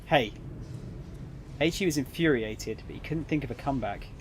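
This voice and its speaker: A man reading a visual novel aloud on his stream, narrating in a plain, middle-pitched voice. Now and then he breaks off for casual, jokey asides. A faint hiss sits behind him. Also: fast talker, darkish tone.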